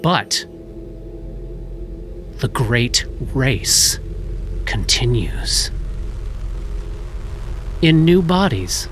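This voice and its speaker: A game master tells a tabletop horror story at an unhurried pace. The voice climbs and falls expressively through each line, and music plays behind it. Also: medium pitch, very animated. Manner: slow, dramatic storytelling.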